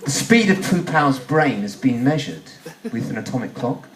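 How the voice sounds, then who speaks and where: A man's voice: mid-range voice, very animated, normal speed, a little hiss or hum. A man performing rambling, self-mocking stand-up comedy on a club stage. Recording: echoey club, mic from far off.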